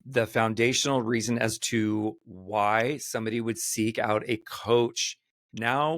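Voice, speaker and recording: A man's voice: mid-range voice, a bit bright, no echo, clean studio sound. A man hosting a casual podcast chat, earnest and encouraging as he sets up topics. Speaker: podcast host.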